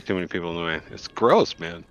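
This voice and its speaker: A man playing in an online group, chatting and telling jokey asides in an animated way. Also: low voice, quick pace, lo-fi sound, a little hiss or hum. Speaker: group player. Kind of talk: casual gaming chat.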